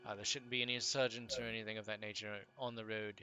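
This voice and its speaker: Bright-voiced man running a tabletop game. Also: on the low side, soft background music. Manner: relaxed, halting narration with fillers. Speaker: game master.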